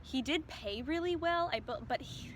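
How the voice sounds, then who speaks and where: A woman's voice: high-pitched, lively intonation, normal speed, background noise. A young woman telling a casual storytime, chatty and filling her speech with "like". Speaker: vlogger.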